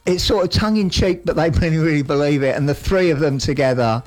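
A man's voice: a little high, quick pace, faint music behind. A man co-hosting a radio show, rambling enthusiastically about what he has watched and laughing often. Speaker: radio co-host. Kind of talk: casual radio banter. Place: radio studio.

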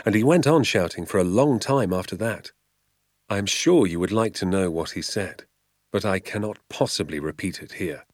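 A male audiobook narrator reads a children's novel aloud, measured and expressive in his storytelling. His voice is fairly low, and the recording is dry with clean studio sound.

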